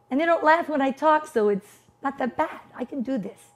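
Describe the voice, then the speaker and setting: A woman's voice: sits high, animated, a little fast, few pauses. A woman in her fifties, not a native English speaker, giving an emphatic personal testimony as a motivational speaker and posing rhetorical questions. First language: non-English household language.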